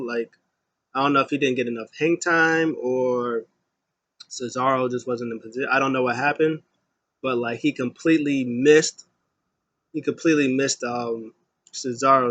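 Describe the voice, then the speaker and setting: A man's voice: medium pitch, fairly bright tone. A young man casually recapping a wrestling show, rambling with lots of fillers. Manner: rambling, many fillers, paraphrases with quick voices.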